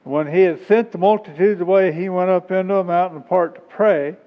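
High-voiced man preaching in a hall. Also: steady tone, a little fast. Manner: emphatic, rising to high pitch on key points. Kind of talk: sermon with scripture reading. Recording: dull sound with long hall reverb.

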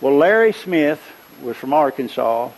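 An older man preaching a sermon in a rambling, conversational way. He tells folksy stories and often stops to clear his throat. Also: fairly high pitch, sing-song, measured pace, low-quality recording.

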